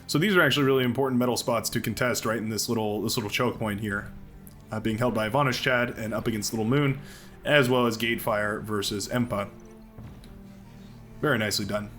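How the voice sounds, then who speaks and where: A man's voice: on the low side, brisk, fairly bright tone, faint music behind. An American man casting a real-time strategy match, chatty and upbeat, with many fillers and restarts. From United States. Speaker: game commentator. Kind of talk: live strategy game commentary.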